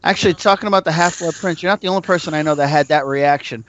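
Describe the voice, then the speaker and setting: A man co-hosting a podcast, telling stories in a lively anecdotal way. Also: a little high, rapid-fire. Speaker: podcast co-host. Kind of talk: casual chat. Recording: slightly dull lo-fi podcast audio.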